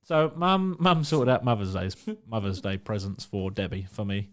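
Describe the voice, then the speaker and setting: A man's voice: fairly low pitch, moderate pace. A man co-hosting a podcast, telling stories in casual chat, swearing freely and acting out what others said. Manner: swearing, animated storyteller who acts out quoted voices. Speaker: podcast co-host.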